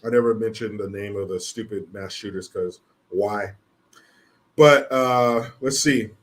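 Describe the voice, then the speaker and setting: A man's voice: on the low side, measured pace. A man reading news stories aloud and commenting on them in a blunt, profane, sardonic way. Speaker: commentary vlogger.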